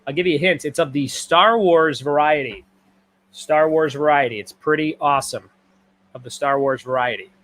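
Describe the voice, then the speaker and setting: Joking trivia host reading viewer comments. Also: male voice, a little high, normal speed, fairly bright tone. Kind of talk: casual livestream trivia hosting. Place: home garage.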